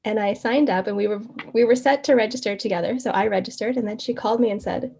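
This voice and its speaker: Speaking fast with few pauses, a woman interview guest with a medium-pitched, gravelly, slightly breathy voice recounts her story in a lively, casual way. She laughs frequently and performs the quoted back-and-forth.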